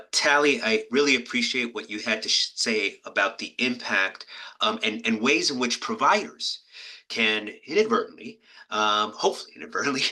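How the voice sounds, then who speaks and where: A man moderates a video-call panel, speaking in a halting, courteous way with frequent pauses to reframe his questions. His voice is quite low and strikingly bright and sharp in tone. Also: low-quality recording. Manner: halting, many fillers and restarts, courteous.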